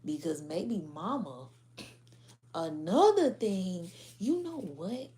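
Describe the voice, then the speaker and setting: A woman's voice: fairly low pitch, very animated, slow pace, warm tone, a little hiss or hum. Profane, laughing woman tarot reader. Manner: blunt, profane, laughing, slangy. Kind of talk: casual tarot reading to viewers.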